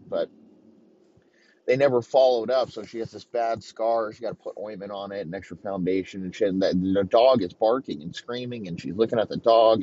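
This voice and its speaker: A man telling a crude, rambling comedic story in a profane, deadpan way. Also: on the low side. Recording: dull lo-fi recording.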